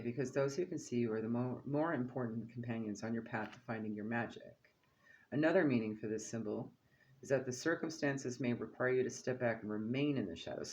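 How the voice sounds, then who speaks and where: A man with an average-pitched voice gives a relaxed oracle card reading and often checks in with "okay?" and "right?". The recording sounds dull and lo-fi.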